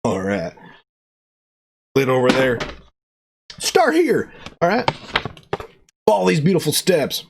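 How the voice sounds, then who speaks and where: A man, reviewing a product in a casual unboxing vlog, joking in a playful cowboy persona with excited jumps in pitch. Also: takes it slowly, creaky, pauses often, noisy background.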